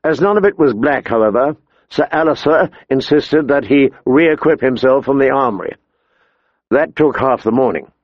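A man reading an audiobook in a measured, steady storytelling manner. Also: medium pitch, no room sound, dull audio. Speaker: narrator. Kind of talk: audiobook narration.

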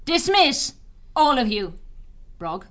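A man's voice: extremely high pitch, sing-song, slow, fairly bright tone, voice pushed up, heavily acted. A man voicing a commanding, imperious female wildcat queen who barks clipped orders. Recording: dull lo-fi audio.

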